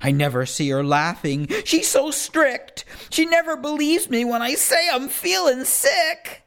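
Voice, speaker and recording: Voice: high-pitched, big pitch swings, unhurried, a bit bright. A reader performing rhyming children's poems in a first-person kid's voice, with a playful sing-song delivery.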